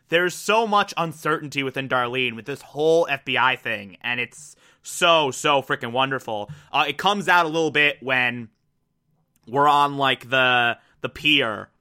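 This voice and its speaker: A man giving a casual, excitable episode recap, with lots of "like" and "uh" and some swearing. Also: mid-range voice, unhurried. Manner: excitable, profane, filler-heavy.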